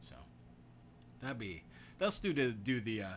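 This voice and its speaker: A man hosting a live stream from his home studio, rambling in a loose, excitable, slangy way about games and movies. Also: mid-range voice, measured pace, slight background noise. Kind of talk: casual gaming and movie chat.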